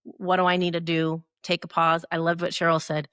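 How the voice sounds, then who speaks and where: A woman's voice: lowish voice, flat delivery, brisk, a bit bright, smooth, no room sound, studio quality. A middle-aged woman co-hosting a podcast, giving earnest motivational advice and often checking in with "right?". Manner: earnest, frequent "right?" tag questions. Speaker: podcast co-host.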